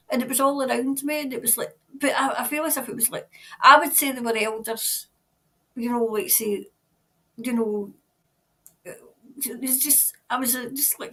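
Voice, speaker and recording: A woman's voice: on the high side, a bit bright, breathy edge. A Scottish woman reading tarot on a casual livestream, chatting in a rambling way with lots of fillers and frequent laughs. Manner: chatty and rambling, laughs often, many "like" and "you know" fillers. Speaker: tarot reader reading viewer comments.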